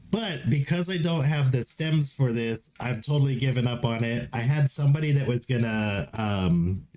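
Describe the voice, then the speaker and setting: A man's voice: medium pitch, expressive, unhurried, darkish tone. A man chatting casually on a live stream, rambling, laughing often and swearing as he mocks himself, a little tipsy.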